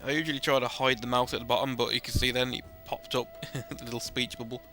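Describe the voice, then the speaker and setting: Guy rambling over his game, joking at himself, bright voice, soft game music. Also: medium pitch, fairly even intonation, fast talker. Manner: chatty and self-deprecating. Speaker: gameplay commentator. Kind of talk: casual let's-play commentary.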